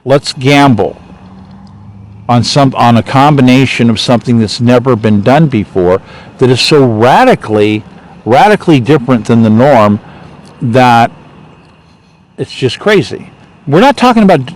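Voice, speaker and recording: A man's voice: mid-range voice, animated, a little slow, pauses often, rough recording. A man speaking as a political candidate in a rambling, off-the-cuff monologue, repeating himself and growing indignant.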